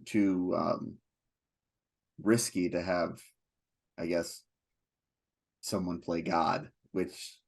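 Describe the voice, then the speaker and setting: Male podcast co-host with a lowish voice and slow, hesitant casual delivery. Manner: unhurried, hesitant, many ums. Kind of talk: casual film-review chat.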